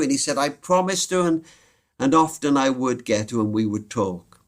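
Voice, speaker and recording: A man's voice: mid-range voice, expressive, moderate pace. A man, a guest on a podcast, telling a moving story with dramatic pacing and quoted voices.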